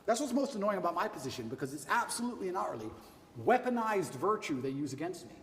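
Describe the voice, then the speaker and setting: A man's high, lively voice races through an emphatic, defiant rant, repeating his points for force. He sounds far from the mic in an echoey hall with a long reverb. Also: fast, slight background noise. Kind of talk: impassioned rant.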